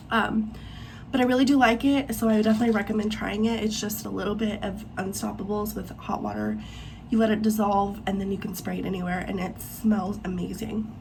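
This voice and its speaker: This is a Missouri vlog host in her twenties, filming at home on a phone propped in her bathroom cabinet. She's breathless and chatty, rambling with many fillers in a mid-range voice, both to camera and in voice-over, against slight background noise.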